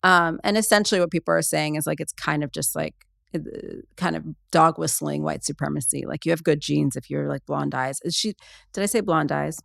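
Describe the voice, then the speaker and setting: A woman's voice: sits low, brisk, gravelly, dry recording, studio quality. A woman hosting a podcast in casual, comedic chat, rambling and sarcastic with lots of fillers. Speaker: podcast host.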